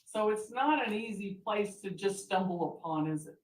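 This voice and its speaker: A woman attorney questioning a witness in a courtroom, asking deliberate, leading questions. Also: mid-range voice, lively intonation. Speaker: defense attorney. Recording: echoey courtroom audio from far mic.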